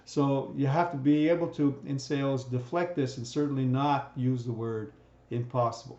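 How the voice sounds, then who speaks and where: A man's voice: mid-range voice, fairly even intonation, normal speed, dark tone. Man lecturing in a roomy, dull recording. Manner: conversational, repeats "right?" often, frequent restarts. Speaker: instructor.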